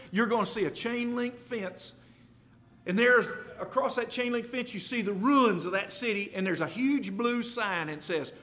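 A man delivers a sermon in a fairly high voice that swoops up and down with emphasis. He reads old-fashioned scripture and hammers key words by repeating them. His voice trails off into a long reverb, as in a big hall. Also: a bit bright. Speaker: preacher.

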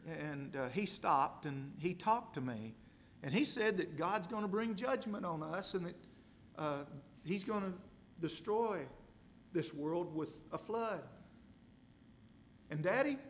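A man's voice: on the high side, a little hiss or hum. A man voicing a young boy who speaks to his father in a hesitant, stammering way.

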